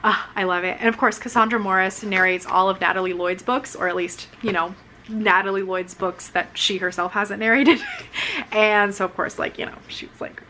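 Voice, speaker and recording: A woman's voice: mid-range voice, fairly even intonation, moderate pace, sharp tone, a little hiss or hum. A young woman author chatting casually on her vlog, bubbly and giggly, full of fillers, her voice a little worn. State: voice wearing out. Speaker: author vlogger. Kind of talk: casual chat. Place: living room. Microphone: camera mic.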